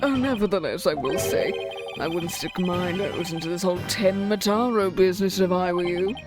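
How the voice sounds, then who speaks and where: A woman voicing a pompous, self-adoring male aide in a video game, speaking in a haughty, drawn-out way. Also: lowish voice, over music, close to an everyday voice.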